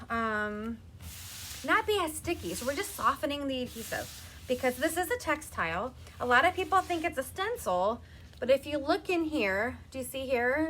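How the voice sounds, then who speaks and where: A woman's voice: high voice, fairly bright tone, a little hiss or hum. A woman in her thirties giving a chatty live craft demonstration, talking to her viewers as she works. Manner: chatty, laughs often, talks to viewers by name.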